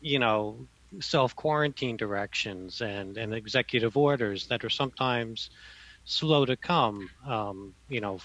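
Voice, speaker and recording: A man, a library official, explaining budget process in a casual chat, halting with many fillers. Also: mid-range voice, fairly bright tone. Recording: dull muffled audio.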